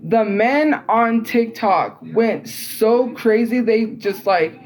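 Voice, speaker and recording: A woman's voice: on the high side, takes it slowly, few pauses, a little mellow, rough recording. A young woman telling a story on a livestream in a rambling, exasperated way, full of "like" and restarts. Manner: rambling, filler-heavy, with frequent "like" and restarts; exasperated and incredulous. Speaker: livestream host.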